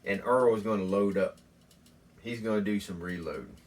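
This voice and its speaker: A man hosting a mock home tutorial in a folksy, deadpan, rambling way. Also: lowish voice, moderate pace, far from the mic. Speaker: host.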